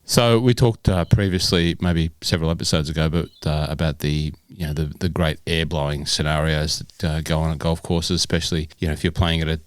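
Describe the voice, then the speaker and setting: Middle-aged Australian male co-host, low voice, loose and chatty with lots of ums, dry studio sound. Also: steady tone, fairly quick, few pauses, no echo. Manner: rambling, chatty with many fillers. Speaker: podcast co-host. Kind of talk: casual chat.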